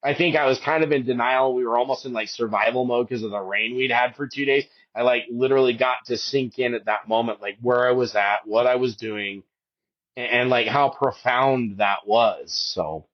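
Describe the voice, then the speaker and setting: A man's voice: steady tone, normal speed, highs cut off. A man of about fifty, a podcast guest, telling a hike story with emotion, rambling through many restarts. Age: 50s. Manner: rambling, with many restarts, and raises his voice high to quote his wife.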